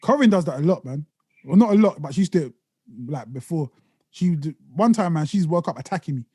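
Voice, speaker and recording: High-voiced laid-back man. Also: animated, a little fast, dark tone, slightly rough, dry recording, clean studio sound. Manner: laid-back London slang, laughs often. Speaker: podcast host. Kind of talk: casual chat.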